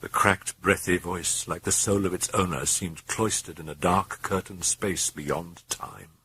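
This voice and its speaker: A man's voice: low-pitched, fairly even intonation, measured pace, pushed and bright, breathy edge. A man narrating a horror novel aloud in an intense, brooding way. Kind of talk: dramatic horror audiobook narration.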